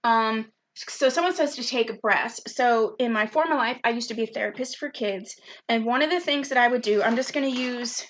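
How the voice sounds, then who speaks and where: Upbeat lady running an online workshop for kids, kinda high voice, chatty, on a video call. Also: moderate pace, fairly bright tone, slight background noise. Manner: upbeat, chatty, answers chat comments by name. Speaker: program specialist leading a virtual youth workshop. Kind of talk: live online workshop, reading out chat replies.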